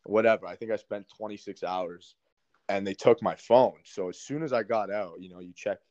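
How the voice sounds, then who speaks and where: A young man with a fairly low voice tells a story to a podcast host, swearing freely and filling pauses with "like". The recording is dry and somewhat dull. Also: darkish tone, dry recording. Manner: profane, many fillers. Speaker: podcast guest. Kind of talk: casual storytelling. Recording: dry, slightly dull sound.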